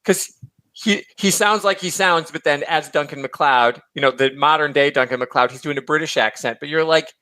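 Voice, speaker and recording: A man's voice: a little high, no room sound. A man hosting a podcast, chatting casually and animatedly about films. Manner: animated, chatty, quick asides. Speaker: podcast host. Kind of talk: casual film discussion.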